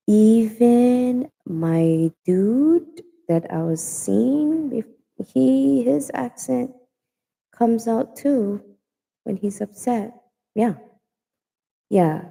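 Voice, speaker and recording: A woman's voice: medium pitch, gravelly, warm tone, husky, in a large hall, low-quality recording. A woman with a Hawaiian Pidgin accent chatting casually on a livestream, repeating herself for emphasis. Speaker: livestream host. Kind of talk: casual chat.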